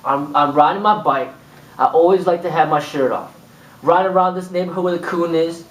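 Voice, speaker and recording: A man with a fairly high voice gives a loose, rambling kung fu lesson and acts out little exchanges as he goes. He sits well back from the microphone. The room around him rings with echo. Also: brisk. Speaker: kung fu instructor. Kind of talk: informal spoken lesson. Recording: echoey room, mic far off.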